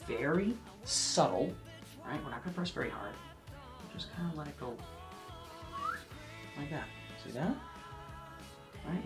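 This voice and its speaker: A man giving a casual painting lesson, chatting to the viewer and often checking in, sometimes dropping to a soft near-whisper as he works. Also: a little high, lively intonation, unhurried, pauses often, over music. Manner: drops to a soft near-whisper while working. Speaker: painting instructor.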